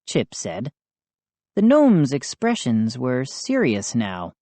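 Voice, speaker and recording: Slow, lively-voiced woman narrator. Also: rumbling low, dry recording. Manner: measured, expressive reading. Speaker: audiobook narrator. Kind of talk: scripted first-person narration.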